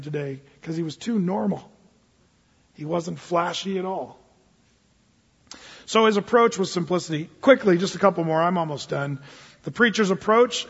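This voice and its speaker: Animated high-voiced preacher in a hall. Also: male voice, breathy edge. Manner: animated, acts out Bible figures in quick asides. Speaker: pastor. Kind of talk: sermon. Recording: lo-fi sound in a hall with long reverb.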